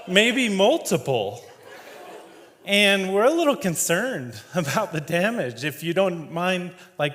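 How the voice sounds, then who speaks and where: A man's voice: sits high, lively intonation, takes it slowly, pauses often, a bit bright. A man giving a humorous, conversational storytelling talk on stage as a keynote speaker. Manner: conversational and humorous, laughs often. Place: large event hall. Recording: long hall reverb.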